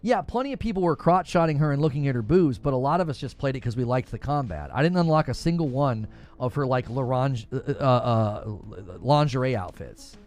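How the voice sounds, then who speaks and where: A man hosting a gaming show from home, chatting live with viewers in an animated, incredulous, rambling way. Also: mid-range voice, a little fast. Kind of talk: live-stream chat answering viewers.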